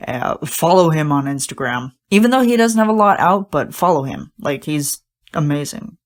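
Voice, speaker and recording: Low-voiced woman gushing on a podcast. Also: animated, normal speed. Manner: gushing, rambling, many fillers and restarts. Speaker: podcast host. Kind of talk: casual solo podcast talk.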